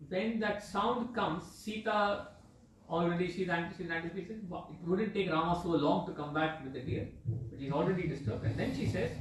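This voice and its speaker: A man's voice: high-pitched, a little hiss or hum. A man retelling a sacred epic as a discourse in a temple, explaining as he goes and checking in with his listeners. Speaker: religious discourse speaker. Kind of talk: storytelling scripture discourse. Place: temple hall. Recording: echoey hall, mic far off.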